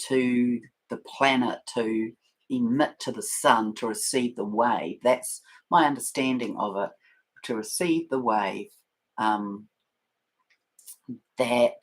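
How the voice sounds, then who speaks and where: A woman hosting a spiritual livestream, talking in a soft, meandering way with many fillers and restarts and reading out viewer comments. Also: a bass voice, low-quality recording. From New Zealand. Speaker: spiritual channel host.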